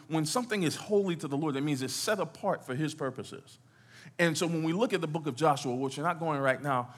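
A middle-aged man preaching a sermon as a pastor in a church, asking the congregation questions and waiting for their answers. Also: medium pitch. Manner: call-and-response preaching, asks the congregation questions. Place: church sanctuary.

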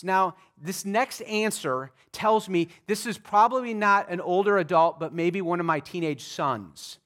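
Pastor preaching, highish voice, emphatic and chatty, lots of restarts. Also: male voice, a little slow, a bit bright. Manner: emphatic, with frequent restarts and vivid asides. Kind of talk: sermon.

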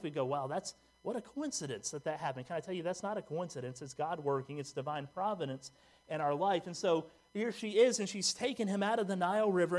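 A man's voice: fairly high pitch, a little mellow. A man preaching a sermon in a church, reading scripture aloud and talking to the congregation in a conversational way, asking them questions and making joking asides. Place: church sanctuary.

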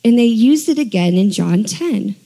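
Woman preacher, sermon, lively conversational delivery, slightly high voice, long hall reverb. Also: moderate pace, creaky.

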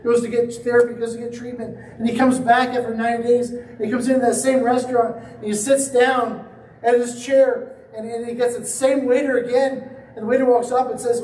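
A man's voice: very high-pitched, little pitch movement, a little fast, a little mellow, slight background noise. A man preaching a sermon, telling a story and acting out the quoted lines. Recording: echoey room from a distance.

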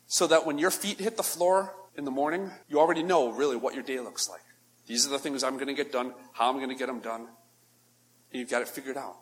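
A man preaching a practical sermon, animated and emphatic, swinging from loud bursts to soft, low asides.

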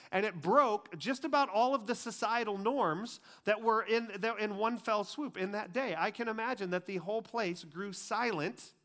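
A man with a fairly high voice preaches a conversational sermon. He talks loosely, full of asides and everyday comparisons. When a point turns serious, he goes hushed and grave. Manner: casual, chatty preaching with many "like"s and asides. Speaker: pastor.

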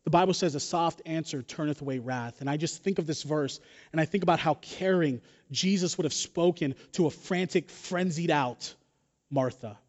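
A man preaching a sermon as pastor, telling a personal story in an animated, joking way. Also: fairly high pitch, normal speed. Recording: dull sound in a reverberant hall.

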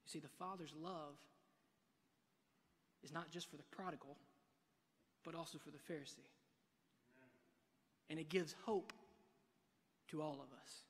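A man preaching a sermon from a church pulpit, swinging between hushed and loud delivery. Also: on the high side, fairly even intonation, measured pace, pauses often, slightly rough. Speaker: pastor. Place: church sanctuary. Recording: long reverb of a large hall.

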